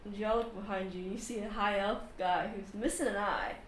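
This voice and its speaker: A woman narrating a tabletop game as game master, casual and quick with frequent laughs. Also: medium pitch, fairly even intonation, distant mic. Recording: echoey room, faint noise.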